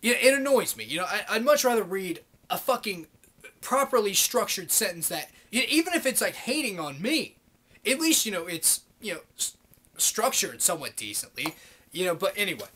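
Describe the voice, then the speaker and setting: A man's voice: high voice, big pitch swings, moderate pace, sharp tone. A young man delivering a sarcastic, profane ranting monologue to his camera, mocking people in put-on voices. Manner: sarcastic, swears constantly, mocks others in put-on voices. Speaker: video blogger.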